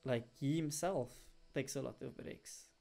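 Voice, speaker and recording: This is a young adult streamer with a gravelly, medium-pitched voice, taking their time while chatting to a live audience. They ramble, lean heavily on fillers, and turn animated in bursts when welcoming viewers.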